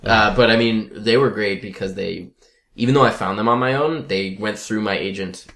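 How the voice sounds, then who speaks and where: Host, male, lowish voice, chatty and enthusiastic. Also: moderate pace, fairly bright tone. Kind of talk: casual chat.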